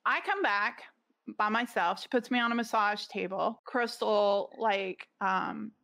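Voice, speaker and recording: A woman's voice: mid-range voice, unhurried, gravelly, fairly bright tone. A middle-aged woman, a podcast guest, telling a story in casual conversation, rambling with lots of "like" fillers and restarts.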